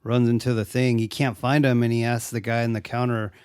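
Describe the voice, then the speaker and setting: A man's voice: medium pitch, level tone, brisk, a little mellow, smooth, no echo. Profane laughing man recapping a movie. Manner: profane, laughing, acts out quotes in raised voice. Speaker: podcast co-host. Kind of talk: casual chat retelling a movie.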